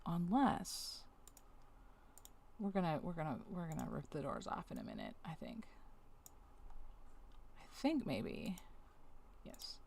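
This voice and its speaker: A woman's voice: sits low, wildly swooping pitch, takes it slowly, gravelly, long pauses, darkish tone, slight background noise. A woman streamer thinking aloud in casual chat while doing a task, talking to on-screen objects and scolding them, then apologizing. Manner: thinks aloud with self-talk. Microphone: webcam setup.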